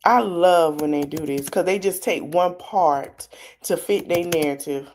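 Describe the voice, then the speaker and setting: A woman's voice: fairly low pitch, unhurried, a little mellow, slight background noise. A woman hosting a live podcast stream, reacting to a video with blunt, sassy, mocking commentary full of slang. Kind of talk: livestream commentary.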